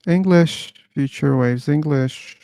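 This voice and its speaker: Man, livestream host, mellow dark voice, unhurried, halting, reading chat names. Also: a little high, dry recording, studio quality. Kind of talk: livestream wrap-up, thanking chat.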